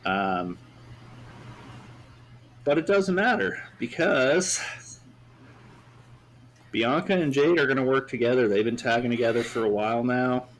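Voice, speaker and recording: A man's voice: mid-range voice, animated, unhurried, long pauses. A man hosting a podcast, recapping a wrestling show in a casual, rambling way full of fillers. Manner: rambling, with many fillers and hedges. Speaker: podcast host.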